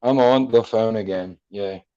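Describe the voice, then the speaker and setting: A podcast host with a Philadelphia accent runs a casual, profane, joking chat show from home, slipping into mock accents. His voice is low-ish, a little slow and dark, captured on a computer mic with no echo and the highs cut off.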